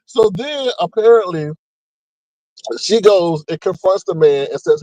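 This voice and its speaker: A man hosting a casual gossip commentary, talking in a mocking, animated way and acting out what people said. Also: normal speed, long pauses, no room sound, lo-fi sound. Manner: animated, mocking, acts out quotes with big pitch jumps. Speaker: commentary channel host.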